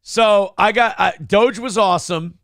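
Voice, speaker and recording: A man's voice: sits high, unhurried, no room sound, studio quality. A man co-hosting a morning show, in casual comedic commentary, crude and mocking. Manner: crude, mocking, jumps into loud impressions.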